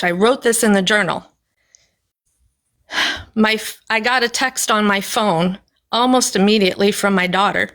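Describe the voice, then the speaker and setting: A woman who is a mother, calling into a live stream and talking emotionally and softly. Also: medium pitch, normal speed, pauses often. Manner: emotional, soft-spoken. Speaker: caller, a mother. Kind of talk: casual live-stream call.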